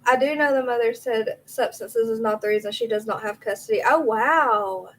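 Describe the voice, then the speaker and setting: A woman's voice: on the high side, moderate pace, poor audio. A woman, hosting a casual livestream, chatty and reacting aloud to viewer comments, a little out of breath. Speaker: livestream host.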